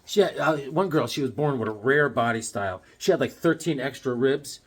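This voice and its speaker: A man from Connecticut casually chatting about his comic books, rambling along and telling deadpan tall tales with jokes between them. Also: medium pitch, fairly quick, slightly rough. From Connecticut, USA. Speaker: comic book vlogger.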